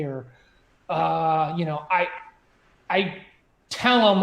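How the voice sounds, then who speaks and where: A man's voice: on the high side, unhurried, fairly bright tone, roomy sound. A man, a former submarine officer, telling a story in a chatty way, full of "you know" and "like" and many restarts. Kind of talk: conversational storytelling.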